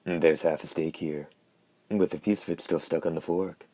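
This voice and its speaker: A man voicing a hoarse, wryly probing talking hand in an audiobook, in a dry, mocking manner. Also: low-pitched, fairly even intonation, normal speed, mellow. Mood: deducing. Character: hoarse wry talking left hand, male. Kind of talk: audiobook character voice.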